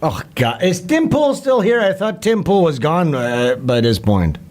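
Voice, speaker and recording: Male livestream host; loose, crude, mocking delivery with a lively, swinging pitch. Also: unhurried. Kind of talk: casual livestream chat.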